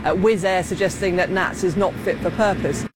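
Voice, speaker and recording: A man reporting live news outdoors in a measured way, with some fillers. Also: high voice. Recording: outdoor street noise.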